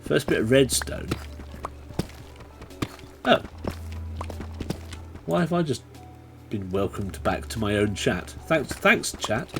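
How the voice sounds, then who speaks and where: Male streamer, chatty, animated pitch, erupts into taunts. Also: slow, vocal fry, long pauses, over music. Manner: chatty, bursts into excited taunting yells. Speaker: game streamer. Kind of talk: live gaming stream commentary.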